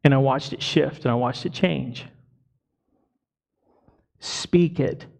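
Slow, emphatic male pastor preaching. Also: medium pitch, gravelly, a little mellow. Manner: slow, emphatic preaching with rhetorical questions to the congregation. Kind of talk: sermon. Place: church congregation.

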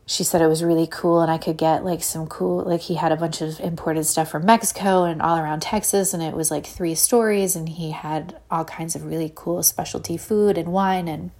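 A low-voiced woman hosts her own podcast, telling a story at normal speed with hardly any pauses. Her rambling, casual retelling is packed with "like" and acted-out quotes.

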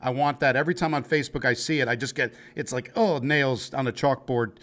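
A man's voice: medium pitch, a little fast, fairly bright tone. A man with a New York accent hosting a casual interview, speaking his mind about food and regional quirks. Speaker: show host.

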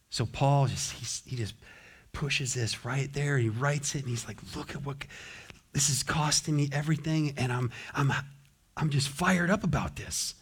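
A pastor preaching a sermon with passion, swinging from loud exhortation to soft, low asides. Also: male voice, husky. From United States.

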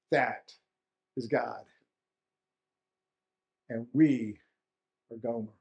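A man's voice: fairly high pitch, expressive, measured pace. A man preaching a sermon in a conversational way, repeating words for emphasis. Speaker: pastor.

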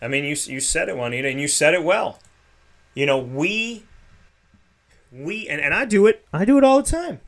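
A man's voice: a little high, expressive, normal speed, pauses often. A man in a casual faith talk who restarts often and repeats his words.

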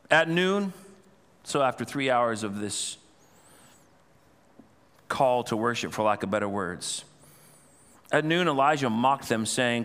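Animated preacher man, reverberant church. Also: medium pitch. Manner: animated storytelling, dramatizes scripture. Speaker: pastor. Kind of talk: sermon. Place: church sanctuary. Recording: long reverb in a church hall.

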